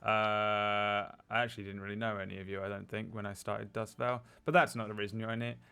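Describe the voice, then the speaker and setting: A man's voice: lowish voice, little pitch movement, fast talker, vocal fry, pushed and bright, clean tone. A man with a clean, resonant voice joking in a dry, mock-grumpy way. He runs a tabletop campaign and chats loosely on a livestream. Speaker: game master of another campaign.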